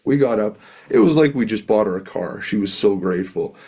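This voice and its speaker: Telling stories as a guest in an interview, a middle-aged Canadian musician and speaker rambles earnestly with many fillers. His voice is fairly low, dark, and husky, expressive and a little fast.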